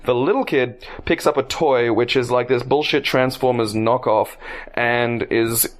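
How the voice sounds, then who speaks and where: A man on a podcast telling a long, profane story in a casual, animated way. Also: mid-range voice, a little slow. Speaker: podcast co-host.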